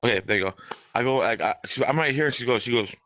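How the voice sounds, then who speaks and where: Bright-voiced young man telling a rambling story. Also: medium pitch, quick pace, no echo. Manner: rambling, profane, animated quoting of others. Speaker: podcast host. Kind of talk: casual storytelling chat.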